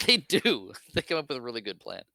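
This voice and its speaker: A man's voice: medium pitch, sing-song, fairly quick, creaky, sharp tone, dry recording. A man co-hosting a casual movie podcast, laughing often and playfully voicing characters as he retells scenes. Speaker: podcast co-host. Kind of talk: casual movie recap chat.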